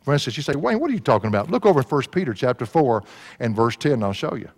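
Folksy preacher in echoing hall. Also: male voice, mid-range voice, big pitch swings, fast, darkish tone. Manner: folksy, laughs at his own stories. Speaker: pastor. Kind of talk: sermon with storytelling. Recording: long hall reverb.

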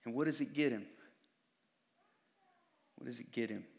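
A man's voice: medium pitch, normal speed, gravelly. A man preaching a sermon in a casual, conversational way, often acting out what others say. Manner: casual, conversational preaching that acts out quoted voices. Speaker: pastor.

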